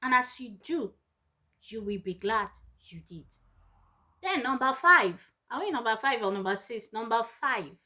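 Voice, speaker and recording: A high-pitched woman talks earnestly about raising children. She is emphatic and repeats each point to drive it home, like a parent lecturing other parents. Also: lively intonation, unhurried, sharp tone. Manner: acts out scolding parents in raised voices. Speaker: parenting advice vlogger. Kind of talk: direct-to-camera advice talk.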